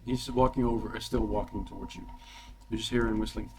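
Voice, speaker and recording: A man running a tabletop game as game master, relaxed and laughing often. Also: lowish voice, normal speed, noisy background. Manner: laid-back, laughing often.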